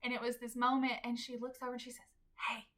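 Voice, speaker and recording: A woman co-hosting a podcast, telling a story in casual chat with lively, laughing delivery. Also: a little high, racing. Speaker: podcast co-host.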